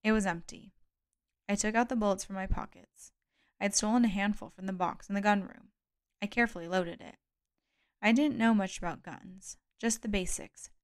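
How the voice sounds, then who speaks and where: A woman narrates a novel as an audiobook in a steady, measured way. Her voice is smooth and clear, set at an ordinary middle pitch. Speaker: audiobook reader.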